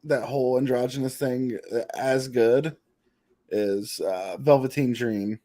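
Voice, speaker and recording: A man co-hosting a casual wrestling podcast. He talks in a hesitant way, stopping and starting as he searches for words. His voice sits at an ordinary mid pitch. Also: a little slow, mellow. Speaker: podcast co-host.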